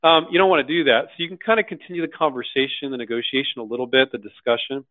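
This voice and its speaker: Blunt, animated man on a tinny line. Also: medium pitch, fast talker, no echo. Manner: animated, acts out quoted voices, blunt and slangy. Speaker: host answering viewer questions. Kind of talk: live Q&A, casual and direct. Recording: dry tinny phone-like sound.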